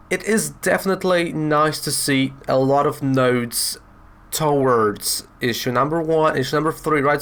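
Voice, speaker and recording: Guy rambling thru a comic review, chatty, middle pitch, lots of um and you know. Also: a bit bright. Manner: chatty, rambling with fillers and retellings.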